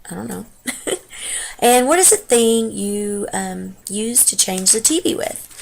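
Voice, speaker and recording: A woman's voice: mid-range voice, lively intonation, a little slow, vocal fry. A Texan woman in her thirties, chatting casually through a dialect quiz, rambling and unsure with lots of ums and trailing asides. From Texas. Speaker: vlogger. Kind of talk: casual dialect-tag chat.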